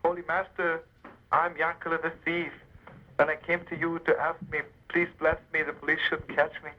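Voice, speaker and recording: A man's voice: a little high, level tone, normal speed, lo-fi sound, close to an everyday voice. A man storyteller voicing a desperate, humble thief who begs for a blessing in a heartfelt, pleading way.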